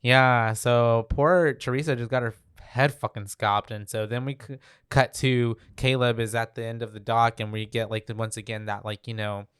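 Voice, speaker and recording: Smooth-voiced man on a casual podcast. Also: medium pitch, fairly even intonation, normal speed, fairly bright tone. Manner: rambling, filler-heavy. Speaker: podcast co-host. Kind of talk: casual chat recapping a horror film.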